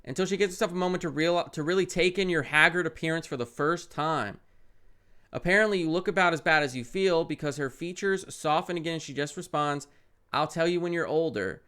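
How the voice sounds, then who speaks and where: Reading a parenting game's story aloud on stream, a young man keeps stopping to react. Close to the mic, his slightly high, smooth voice moves a little fast and lurches between loud, indignant outbursts and quiet, muttered asides.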